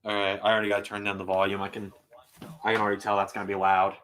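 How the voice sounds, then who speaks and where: Bright-voiced man swearing through a live reaction. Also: fairly low pitch, completely flat delivery, very fast. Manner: swearing, exasperated, loud outbursts. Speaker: host reacting live to wrestling. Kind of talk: live reaction stream chat.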